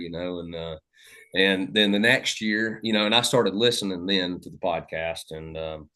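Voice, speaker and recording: Southern man, deep low voice, easygoing rambling podcaster telling hunting stories. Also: moderate pace, sharp tone. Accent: Southern American. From Southern United States. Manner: rambling, many fillers and restarts. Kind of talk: casual storytelling conversation.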